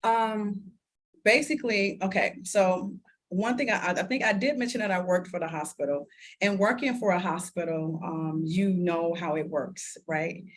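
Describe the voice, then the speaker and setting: A woman in her thirties, an interview guest, telling a personal story in lively conversation, laughing often and acting out what people said. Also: lowish voice, moderate pace. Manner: animated, laughs often, acts out quoted dialogue.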